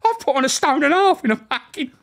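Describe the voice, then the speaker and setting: A man voicing a grumbling male prisoner who complains loudly and swears. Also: extremely high pitch, sing-song, fast, gravelly, voice pushed up, exaggerated voice. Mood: indignant. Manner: shouty, swearing, whiny.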